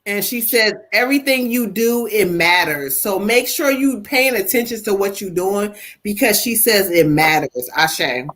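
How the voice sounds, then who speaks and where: A woman psychic medium giving a live-stream spirit reading, animated and conversational. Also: medium pitch, normal speed, few pauses, poor audio.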